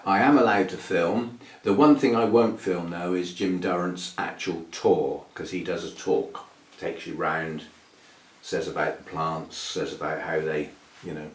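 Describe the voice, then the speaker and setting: A man's voice: low voice, steady tone, unhurried, far from the mic. Rambling man in an echoey room. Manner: rambling and chatty, with fillers and soft laughs. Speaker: orchid channel host. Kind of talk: casual chat to camera. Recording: echoey room, voice a bit off-mic.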